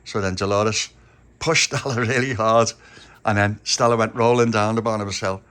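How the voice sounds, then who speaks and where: A man telling a children's story in an animated way, often chuckling. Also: fairly low pitch, moderate pace.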